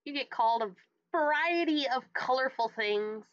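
Woman, game master, relaxed narration, lo-fi mic, dry. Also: high-pitched, normal speed, no echo. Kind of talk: narrating a tabletop horror game.

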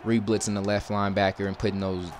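A young man with a slightly low voice talks casually over a football video game, chatty and relaxed with his audience. He often erupts into loud, exasperated yelling at the plays. A faint hiss of noise sits under the recording. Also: fast talker. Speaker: gaming YouTuber. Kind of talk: casual gameplay commentary.

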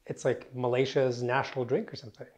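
A man's voice: medium pitch, steady tone, quick pace, a little mellow. Off-camera man chiming in casually. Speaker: off-camera crew member. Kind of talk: casual interjections.

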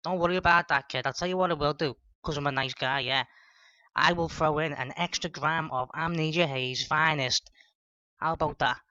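A man dubs a pushy, swearing weed dealer who bosses people about. His tone is bright and sharp, and the recording is dull and lo-fi. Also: a little high, fairly even intonation, moderate pace, dry recording. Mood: wheedling. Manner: bossy, cheeky, shouty bursts. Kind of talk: comedy voiceover dub. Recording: dull lo-fi dub.

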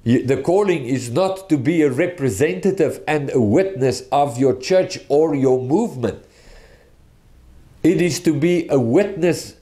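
A man preaching a sermon, teaching in an earnest, deliberate way and often restarting his sentences. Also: a little high, lively intonation, mellow.

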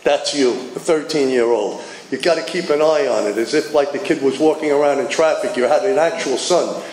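An older man, telling his personal recovery story at a meeting with animated storytelling, acting out the dialogue. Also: mid-range voice, brisk. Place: meeting hall. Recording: echoey room with faint noise.

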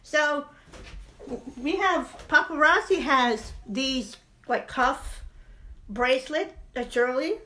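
A woman's voice: sits high, expressive, slow, pushed and bright. A woman chatting playfully on a live stream while selling jewelry. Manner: playful, sing-song, chatty and rambling. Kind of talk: casual live-stream chat.

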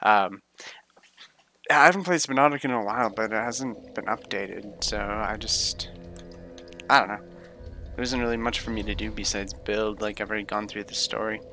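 A man's voice: fairly low pitch, steady tone, moderate pace, sharp tone. A young man casually commenting on his own gameplay as a streamer, laid-back and grumbling with swears at opponents. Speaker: game streamer. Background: game music.

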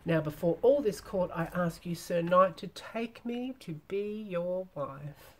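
A woman's voice: lowish voice, a little slow, slight background noise, lightly acted. A woman reading a crafty withered old hag. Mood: demanding. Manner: pleading, insistent, old-fashioned speech.

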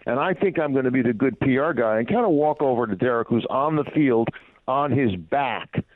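A man's voice: mid-range voice, lively intonation, moderate pace, no echo. Man telling stories over a tinny phone line. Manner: rambling anecdotes full of "you know" fillers. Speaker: former baseball team PR manager, guest. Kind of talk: phone interview storytelling.

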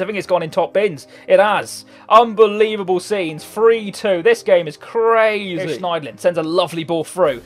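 An excitable lad in his twenties calls his own match as he plays it. His pitch leaps all over the place, from low mutters up to sudden yells, and he swears freely. Faint music plays underneath. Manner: excitable, swears often, bursts into loud shouts at goals. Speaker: gaming YouTuber. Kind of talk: live gameplay commentary. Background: faint background music.

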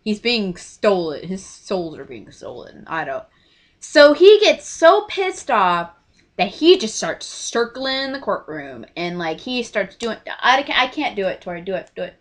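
A young woman telling a story to camera in a casual, gushing way, often trailing off into quiet asides. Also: mid-range voice, sing-song, measured pace. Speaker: vlogger.

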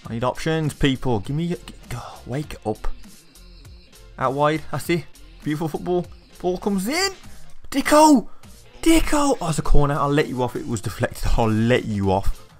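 Excitable young man, lively pitch. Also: moderate pace, soft background music. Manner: excitable, shouting at players. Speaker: gaming YouTuber. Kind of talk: live gameplay commentary.

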